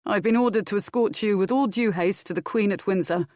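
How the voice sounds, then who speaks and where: A woman's voice: mid-range voice, fast, darkish tone, no echo, studio quality, pitched above the performer's own voice, lightly acted. A woman voicing a dutiful male guard captain who speaks formally and urgently, in an audiobook.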